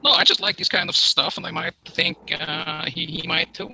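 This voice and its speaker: A man on a group call, loud, profane and heckling. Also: fairly high pitch, little pitch movement, moderate pace, vocal fry, low-quality recording. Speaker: call-in guest. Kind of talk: crude live group call. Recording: crowd noise behind the voice.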